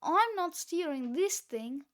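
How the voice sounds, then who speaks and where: A woman's voice: very high voice, animated, takes it slowly, heavily acted. Woman doing a frantic shrieking boy. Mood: puzzled. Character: panicky shrunken young boy, excitable.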